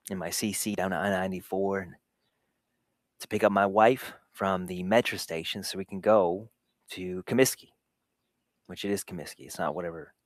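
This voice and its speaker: A man's voice: deep voice, no room sound, clean studio sound. Candid man telling a personal story. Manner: candid, self-deprecating, laughs often; recounts sensations in vivid detail. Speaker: host of a live show for dads. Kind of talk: personal storytelling to a live audience. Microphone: camera setup in a home recording space.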